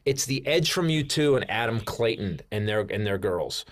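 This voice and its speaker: A male comedian telling a rambling anecdote in an excitable way, with restarts, swearing and sudden high jumps when he acts out his own panic. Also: moderate pace. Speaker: comedian guest. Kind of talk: storytelling anecdote.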